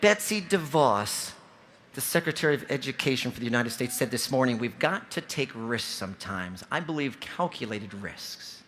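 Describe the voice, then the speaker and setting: A man's voice: medium pitch, normal speed. A man in his forties from Ohio, giving a motivational keynote speech to a large convention audience, telling stories with lots of energy and speaking directly to the crowd. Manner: energetic, storytelling, audience-engaging. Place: large convention hall stage.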